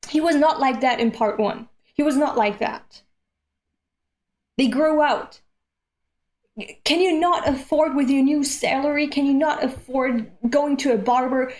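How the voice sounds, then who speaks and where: A woman from Europe hosts a live-stream read-along, talking slowly and unhurriedly. Her voice sits a little high. She reacts in animated bursts and swears freely. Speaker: streamer reading manga aloud.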